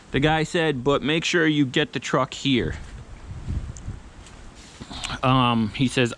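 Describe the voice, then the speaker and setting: A man's voice: medium pitch, fairly bright tone, clear, resonant tone. Blunt, cursing man telling a story. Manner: blunt, profane, retells arguments with quoted dialogue. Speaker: truck build vlogger. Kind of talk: casual storytelling rant. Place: garage or shop.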